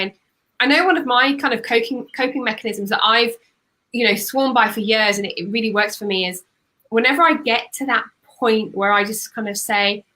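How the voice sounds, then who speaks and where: A woman's voice: fairly high pitch, normal speed, sharp tone. A woman hosting an interview, speaking frankly and reflectively about her own experiences. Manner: reflective, frank, shares personal stories. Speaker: host. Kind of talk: conversational interview.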